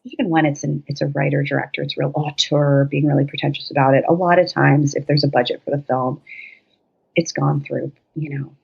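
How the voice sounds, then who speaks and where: Podcast guest, woman: jokey, profane, animated storyteller, somewhat low voice, muffled lo-fi sound. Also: fairly quick, gravelly, husky. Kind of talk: casual chat. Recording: dull lo-fi sound.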